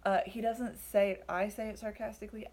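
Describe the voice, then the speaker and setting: A woman's voice: medium pitch, level tone, brisk, a little mellow, a little hiss or hum. A young woman giving a casual Bible study talk, chatty and full of fillers, acting out the lines she quotes. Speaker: Bible teacher.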